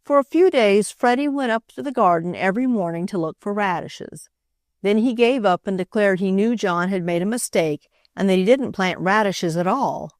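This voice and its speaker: A woman's voice: medium pitch, normal speed, no room sound, studio quality. Woman narrating a children's classic. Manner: expressive reading, voices each character. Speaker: audiobook narrator. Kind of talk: scripted narration.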